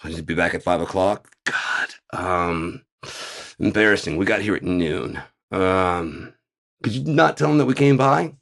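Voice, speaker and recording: A man's voice: low-pitched, expressive, a little slow, vocal fry, fairly bright tone, heavily acted. A man voicing a self-important masked male immigration agent in a mocking, fussy way. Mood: flustered.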